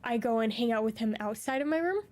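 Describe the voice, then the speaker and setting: A woman with a high, bright-pitched voice chats casually to her stream from her room at home. She gushes and dotes, slipping into sing-song baby talk. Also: lively intonation, fast. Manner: gushing, doting, baby-talks to her cat. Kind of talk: casual chat with viewers.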